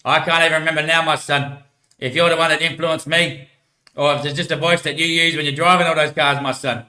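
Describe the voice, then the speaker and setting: A man's voice: a little high, fairly even intonation, a little fast, pushed and bright. A man voicing a fatherly guiding spirit. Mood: solemn. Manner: ends each sentence with "my son". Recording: echoey room.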